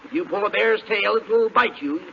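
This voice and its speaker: A man's voice: high-pitched, brisk, gravelly. A man playing an exasperated straight man in a 1940s radio comedy. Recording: muffled 1940s radio broadcast with hiss.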